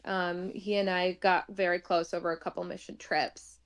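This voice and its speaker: A woman's voice: fairly low pitch, flat delivery, normal speed, clean tone. A woman talking casually as an interview guest, chatty and laughing often, with many fillers.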